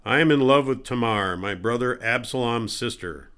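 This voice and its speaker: A cruel young prince barks curt orders at servants and his sister, voiced by a man reading aloud. The voice is an everyday middle-pitched one with only a hard edge. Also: normal speed, fairly bright tone, clean tone, natural voice. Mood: plain.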